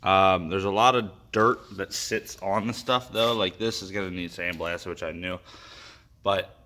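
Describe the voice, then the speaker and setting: A man with a hoarse voice, chatting casually with lots of fillers as he walks through an engine cleaning for his vlog. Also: low voice, steady tone, moderate pace, sharp tone, a little hiss or hum. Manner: chatty, full of fillers and asides. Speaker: car-build vlogger. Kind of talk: casual workshop walkthrough.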